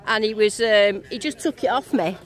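A woman's voice: mid-range voice, normal speed. A woman vlogging outdoors to a handheld camera, bubbly, giggly and gushing in casual chat. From England. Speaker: metal detecting vlogger. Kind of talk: excited casual vlog. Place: outdoors at a field rally, some driving in a car.

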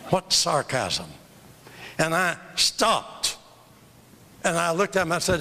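An older man preaching a sermon, emphatic and drawn out, with big swings in pitch. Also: big pitch swings, slow, vocal fry, long pauses, pushed and bright, slight background noise. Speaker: evangelist preacher. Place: church. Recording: long hall reverb from a church.

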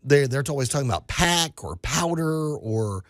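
A man co-hosting a casual radio talk show, amiable with quick asides. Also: mid-range voice, expressive, no echo, clean studio sound. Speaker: radio co-host.

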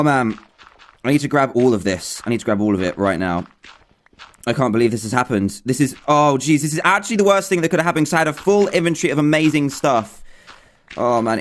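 Excitable young man panicking over his game. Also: medium pitch. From England. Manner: excitable, panicky, talks to himself nonstop. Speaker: gaming YouTuber. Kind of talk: let's play commentary.

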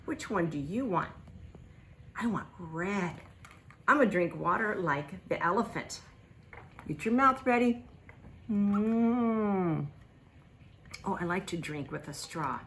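A middle-aged woman teaching a lesson for toddlers in a sing-song voice, with animated, exaggerated gasps of delight. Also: mid-range voice, slow pace, long pauses, a little hiss or hum. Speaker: children's teacher.

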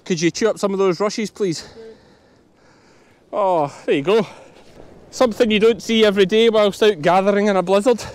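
Out on a windy hillside in a storm, a Scottish sheep farmer who hosts his own channel does outdoor farm vlog commentary, chatting to viewers as he works his dogs. His male voice is high and clean-toned, at a moderate pace.

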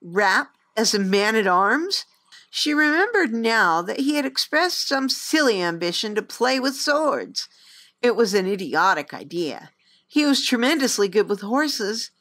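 Woman reading a story with a lively lilt. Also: on the high side, a little slow. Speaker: audiobook reader. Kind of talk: storybook narration.

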